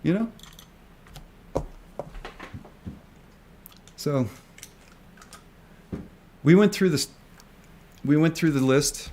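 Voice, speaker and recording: A man's voice: a little high, drawn-out words, pauses often, darkish tone, slight background noise. A man ranting emphatically to his viewers. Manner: emphatic and repetitive, swears often. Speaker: retail stock investor vlogger. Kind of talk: ranting video commentary.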